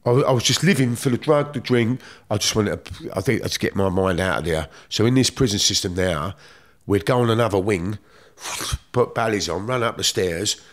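A man's voice: on the low side, moderate pace. A middle-aged man with a London accent, telling stories from his past in blunt, streetwise slang, swearing freely. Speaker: guest. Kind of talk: casual storytelling.

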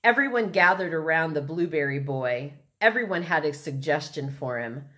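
A woman reading a children's novel aloud, expressive and unhurried. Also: deep voice. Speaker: reader.

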